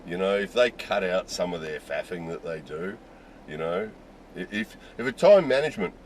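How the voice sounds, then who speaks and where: Deep-voiced Australian man ranting casually. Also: lively intonation, moderate pace, slight background noise, poor audio. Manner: candid, rambling, opinionated, many "you know"s. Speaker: video host. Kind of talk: casual opinion talk.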